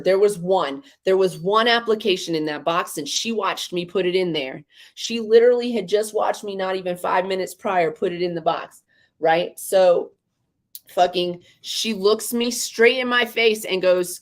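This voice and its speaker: A woman's voice: medium pitch, moderate pace. A woman co-hosting a casual podcast livestream, telling an exasperated, profane story with lots of repetition. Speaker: podcast co-host.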